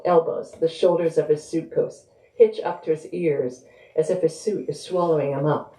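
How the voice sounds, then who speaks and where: A woman's voice: low-pitched, warm tone. A woman author speaking conversationally and reading from her novel at a live bookstore event. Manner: conversational, thinking aloud. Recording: roomy echo.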